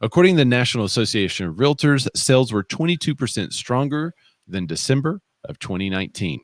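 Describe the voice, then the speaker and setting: A man's voice: mid-range voice, big pitch swings, brisk, dry recording. A man co-hosting a live real estate show, chatting casually and reading viewer comments aloud. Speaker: podcast co-host.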